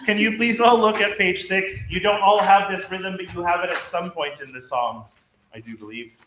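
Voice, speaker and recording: A male choir director leads a rehearsal, explaining rhythm and diction and demonstrating phrases by both speaking and singing them. His voice sits high and moves at a moderate pace, with background noise. The rehearsal room gives a roomy echo with faint ambience.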